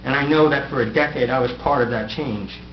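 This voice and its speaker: This man speaks fairly quickly at a medium pitch. He's a middle-aged mayor on his way out, delivering a prepared farewell address from the council dais with wry, self-deprecating wit. The audio, recorded in a room, is dull, echoey and noisy.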